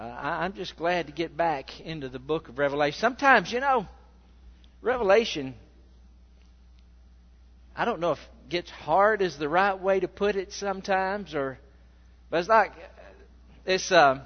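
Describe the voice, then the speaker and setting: A man preaching a sermon as pastor, rambling in a folksy storytelling way before reading scripture aloud. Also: on the high side. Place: church sanctuary. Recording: dull sound in a reverberant hall.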